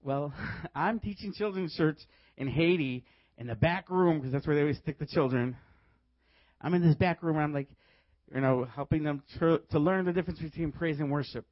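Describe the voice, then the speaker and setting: A man preaching a sermon, telling stories in a lively way and laughing often as he goes. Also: fairly high pitch, moderate pace, no echo, muffled recording. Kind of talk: sermon with storytelling.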